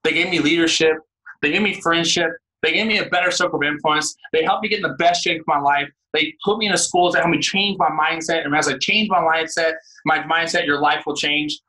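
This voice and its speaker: A man in his thirties giving a fired-up motivational pep talk on a team call, shouting often and calling the listeners "guys" and "man". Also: a little high, fairly even intonation, fairly quick, poor audio. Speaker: guest speaker on a team call.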